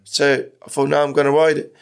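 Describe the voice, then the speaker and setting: A man's voice: on the high side, completely flat delivery, brisk, creaky, clear, resonant tone. A middle-aged man from Iran, a podcast guest telling his story candidly, with rambling talk and frequent swearing. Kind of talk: casual storytelling interview.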